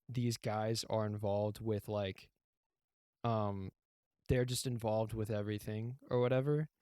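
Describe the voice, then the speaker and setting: A man's voice: mid-range voice, a little mellow, dry recording, clean studio sound. A young man co-hosting a podcast, recapping a show in a rambling, profane way and acting out the lines he quotes. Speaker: podcast co-host. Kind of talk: casual chat, recapping a TV show.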